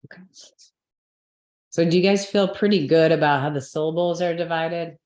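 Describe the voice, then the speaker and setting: A woman teaching a live class, explaining step by step, checking that her students follow, and correcting her own slips out loud. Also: deep voice, moderate pace, reverberant. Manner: patient, step-by-step explaining with frequent checks for understanding.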